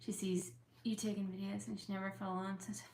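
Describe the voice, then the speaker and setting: A young woman with tics chats through a relaxed Q&A, talking in open, emotional runs full of ums and likes. Her voice sits at an everyday middle pitch. The room gives it a clear echo with a faint hum of ambience. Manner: chatty, with fillers, openly emotional. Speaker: YouTuber answering viewer questions. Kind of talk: casual Q&A chat. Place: home room with a couch. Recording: echoey room.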